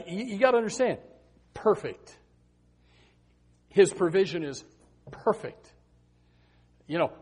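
A high-voiced man delivers a sermon. He tells personal stories with animated emphasis and circles back to repeat his key words. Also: slightly rough. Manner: animated storytelling, emphatic repetition. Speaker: preacher.

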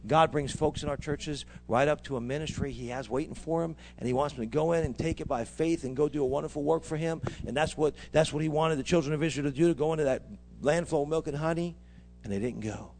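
A man's voice: a little high, quick pace, darkish tone, faint music behind. A man preaching a fervent sermon, calling out to his congregation for responses. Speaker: pastor.

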